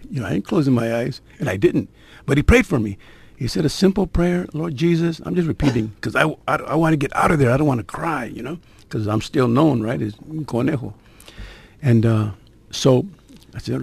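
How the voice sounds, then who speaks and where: A man's voice: mid-range voice, gravelly, warm tone, slightly rough, no room sound. An older man, telling his conversion story in a conversational, streetwise way with suspense-building asides. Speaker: guest sharing his conversion testimony. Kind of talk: personal testimony storytelling.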